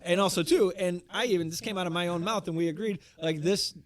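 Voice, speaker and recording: A man co-hosting a podcast in casual chat, recapping a wrestling show with wry, deadpan asides. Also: high-pitched, fast. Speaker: podcast co-host.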